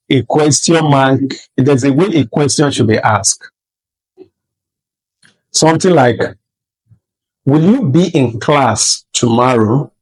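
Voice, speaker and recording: A man teaches in a classroom manner, pausing to ask if his students follow. He repeats and rephrases each point slowly for emphasis. His voice sits at a middling pitch. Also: poor audio. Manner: checks in often with rhetorical "All right?" and "Do you understand?". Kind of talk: classroom-style lesson.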